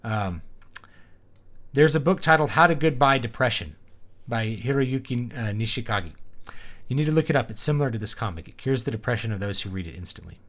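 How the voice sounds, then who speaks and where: A man's voice: medium pitch, lively intonation, brisk, fairly bright tone. A man reading a novel aloud on a livestream, mixing in wry, casual asides. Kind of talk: casual live reading with chat banter.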